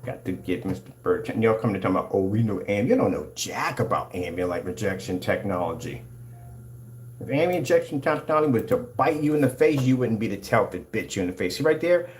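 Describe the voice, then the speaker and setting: A man's voice: fairly low pitch, animated, a little fast, slight background noise. A man who owns a screen paint company, hyped up and combative as he talks over his own product demonstration footage. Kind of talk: excited product demonstration rant.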